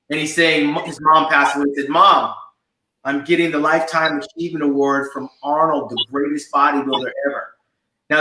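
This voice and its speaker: A man's voice: fairly high pitch, sharp tone, slight background noise. A man in his fifties, co-hosting a podcast and telling stories with enthusiasm. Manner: enthusiastic storytelling. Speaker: podcast co-host. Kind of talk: casual chat. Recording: echoey room.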